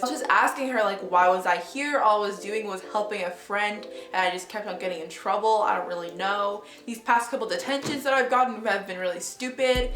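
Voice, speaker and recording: A woman's voice: mid-range voice, brisk, hardly any pauses, a bit bright. A woman vlogger telling a story in a casual, dramatic way, swearing freely. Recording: echoey room, faint music.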